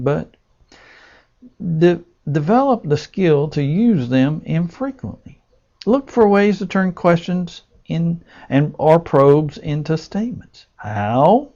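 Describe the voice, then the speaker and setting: A man teaching pastoral listening skills in a slow, deliberate lecture with frequent filler sounds. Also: on the high side, gravelly, darkish tone. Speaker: pastoral care instructor. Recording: dull lo-fi recording.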